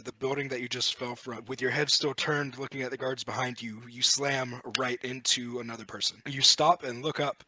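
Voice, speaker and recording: Man, game master, descriptive narration, bright tone, dry close sound. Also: medium pitch, no echo. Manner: descriptive storytelling, relaxed and good-humored.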